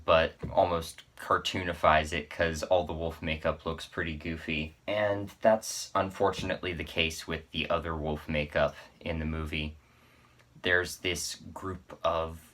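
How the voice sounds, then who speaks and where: A man's voice: low-pitched, sharp tone. A man reviewing a horror film in a casual, rambling way, with offhand asides and self-corrections. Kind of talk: casual spoken movie review.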